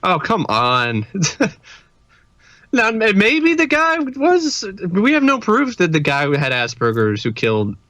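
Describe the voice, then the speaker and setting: A man's voice: high-pitched, very animated, measured pace, fairly bright tone, dry recording. A man co-hosting a podcast in casual chat, laughing often. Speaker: podcast co-host.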